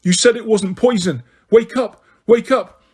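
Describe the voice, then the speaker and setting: Desperate teen wizard boy, loud and pushy, voice cracking, a man reads him. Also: sits high, unhurried, slightly rough, voice pushed up. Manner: urgent, cracking pleas. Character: teenage boy wizard, frantic and urgent. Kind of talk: audiobook character reading.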